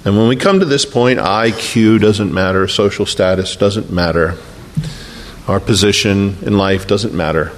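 A man preaching a sermon and telling the story with feeling, often dropping to a slow, quiet hush for emphasis. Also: fairly low pitch, slight background noise. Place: church sanctuary. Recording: long reverb of a large hall.

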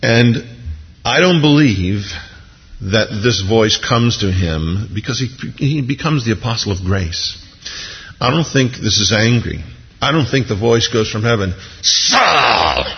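A man's voice: fairly low pitch, expressive, measured pace. A man preaching a sermon in a conversational way, with frequent casual asides to the congregation. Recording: echoey hall, dull lo-fi sound.

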